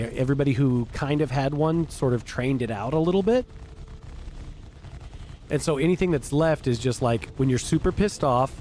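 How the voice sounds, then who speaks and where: A man's voice: mid-range voice, a little mellow, slight background noise. A man streaming a space game, chatting casually with teammates in a blunt, profane, ranting way. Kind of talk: casual gaming chat.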